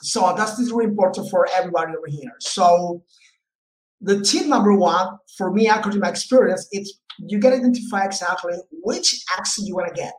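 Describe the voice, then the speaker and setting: A man's voice: high-pitched, brisk. A man who speaks English with a Spanish accent and Spanish as his first language, a teacher chatting as a podcast guest with lots of fillers and "right?" tags. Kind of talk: casual podcast interview. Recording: echoey room with faint noise.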